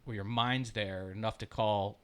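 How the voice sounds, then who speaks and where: A lowish-voiced man, cohosting a casual podcast. He tells long, rambling family stories full of swearing. He gets loud and laughing at the funny parts and drops low and quiet when he turns reflective. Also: steady tone, normal speed, clear, resonant tone. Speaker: podcast co-host. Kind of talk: casual storytelling chat.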